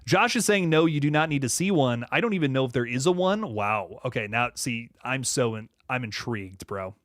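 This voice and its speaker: A young man hosting a horror livestream, chatting casually and reading viewer comments aloud, often laughing and dropping into low asides. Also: expressive, normal speed, a bit bright, no echo, studio quality. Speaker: horror channel host reading live chat.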